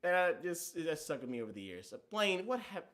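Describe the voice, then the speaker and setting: A man's voice: fairly high pitch, very animated, fast talker, fairly bright tone. A man hosting a casual livestream chat, telling stories in a playful, joking way. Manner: playful, jokey storytelling. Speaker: livestream host.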